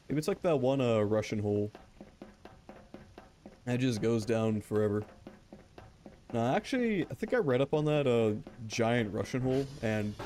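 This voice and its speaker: A man's voice: medium pitch, darkish tone, a little hiss or hum. A man streaming a game, rambling and joking back and forth with his chat. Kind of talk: casual gameplay commentary.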